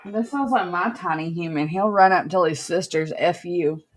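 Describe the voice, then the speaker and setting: A woman's voice: on the low side, moderate pace. A woman chatting casually on a headset, giving short easygoing replies. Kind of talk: casual chat.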